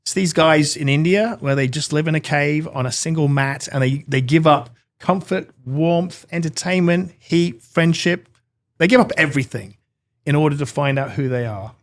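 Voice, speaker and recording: A middle-aged man from Britain, a guest in an interview, telling a personal story in an earnest, animated way and acting out the dialogue in it. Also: fairly high pitch, normal speed.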